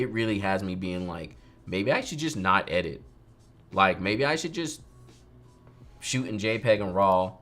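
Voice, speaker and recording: A young photographer with a fairly low voice talks loosely to his livestream audience while editing and teaching. He gets animated and rant-like, frequently doing impressions of other people.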